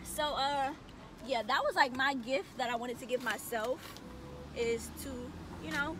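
A woman's voice: sits high, measured pace, fairly bright tone, a little hiss or hum. A young woman vlogging to camera while driving, chatty, upbeat and full of slang. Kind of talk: casual chat to camera. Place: in a car, driving.

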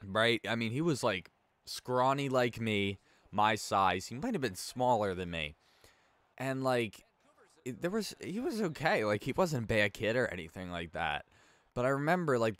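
A young gaming YouTuber casually chats and tells rambling stories, full of "like," while playing a hockey video game. He suddenly erupts in frustration at his own mistakes. His voice is on the low side with a fairly bright tone, and there's no echo.

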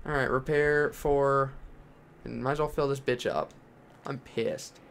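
A man's voice: mid-range voice, steady tone, measured pace, gravelly, a bit bright, smooth. Profane young man ranting over racing. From Texas. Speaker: gaming channel host. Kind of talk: racing game commentary.

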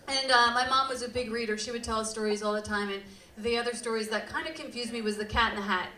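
A woman hosting a live storytelling show, telling comic stories in an animated, profane way and laughing often. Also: a little high, fast. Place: live venue stage with audience. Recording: roomy live hall from far off.

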